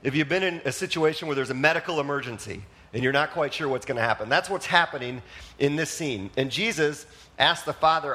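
A man's voice: on the high side, a little fast, pushed and bright. A male pastor preaching a sermon in a conversational manner, asking the congregation questions and often using fillers like "like" and "you know.".

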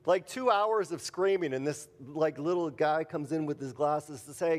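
A man's voice: on the high side, normal speed, hardly any pauses. A man preaching a conversational sermon, mixing scripture reading with jokey everyday stories. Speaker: pastor. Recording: long hall reverb.

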